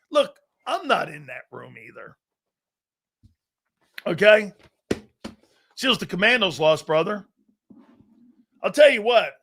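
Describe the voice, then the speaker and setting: Boisterous, animated man with a high voice. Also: gravelly. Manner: boisterous, loud, laughs often, blunt and profane; rambling anecdotes with stop-start phrasing. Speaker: sports talk show host. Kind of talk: live football talk and storytelling.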